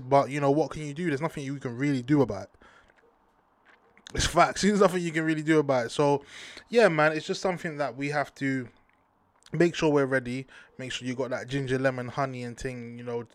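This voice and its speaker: A man's voice: mid-range voice, no room sound. A man, ranting to camera in slangy, heated talk, repeating himself for emphasis. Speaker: vlogger. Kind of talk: casual ranting commentary to camera.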